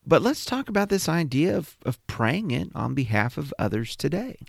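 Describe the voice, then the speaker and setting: Gravelly, reflective male podcast co-host. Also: a little high, very animated, no echo, clean studio sound. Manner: measured and reflective, reads scripture slowly. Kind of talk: conversational Bible discussion.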